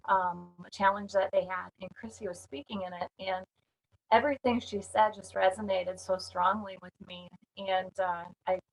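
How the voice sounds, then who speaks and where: A woman's voice: mid-range voice, fairly even intonation, normal speed, a little hiss or hum, low-quality recording. A woman from the Minneapolis area speaks in a mid-range voice. She gives an earnest, candid testimonial with a plain delivery. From Minneapolis area, United States. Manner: earnest, candid, with light laughs. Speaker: songwriting community member giving a testimonial. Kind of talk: spoken testimonial.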